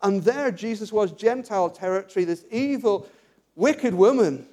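A man preaching a sermon in church, emphatic and animated, repeating words as he builds his lists. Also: high-pitched, moderate pace. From England.

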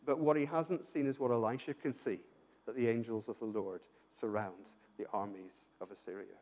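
A man's voice: mid-range voice, fairly even intonation, normal speed, darkish tone. A man preaching a sermon, earnest and pastoral, asking his listeners rhetorical questions and often repeating himself as he builds a point. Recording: long hall reverb.

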